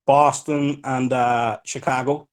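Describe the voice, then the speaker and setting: A man's voice: medium pitch, flat delivery, slow, clear, resonant tone. Chatty Donegal Irish man. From Ireland. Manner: easygoing, chatty, full of "you know". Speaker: caller. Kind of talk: casual podcast call.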